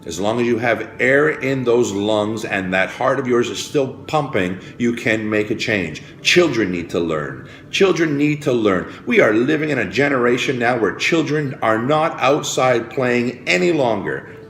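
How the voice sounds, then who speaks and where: A man giving a preachy, repetitive motivational speech about health, swinging from hushed, grave passages to rousing calls to change. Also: mid-range voice, lively intonation, a little slow, few pauses, a little hiss or hum. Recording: roomy with faint music behind.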